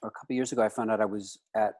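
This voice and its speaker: A man in his fifties from the United States chats loosely as a guest, his voice sitting slightly low. He wanders through his thoughts and keeps dropping "you know" between phrases. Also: fairly even intonation, racing, a little mellow. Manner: rambling, with frequent "you know" fillers. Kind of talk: casual interview chat.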